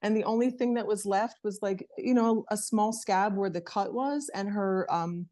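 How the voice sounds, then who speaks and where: A middle-aged woman on a video call, telling a personal story in an animated way and acting out her child's words. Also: moderate pace. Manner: animated storytelling, acts out her daughter in a high voice. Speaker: interview participant.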